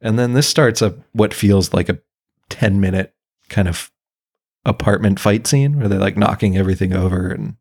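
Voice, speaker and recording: A man's voice: lowish voice, normal speed, a little mellow, slightly rough. Easygoing jokey man on a podcast. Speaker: podcast co-host. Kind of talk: casual movie recap chat.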